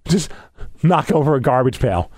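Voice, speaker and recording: Animated, lively male podcast storyteller. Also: mid-range voice, normal speed. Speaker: podcast co-host. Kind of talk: casual chat.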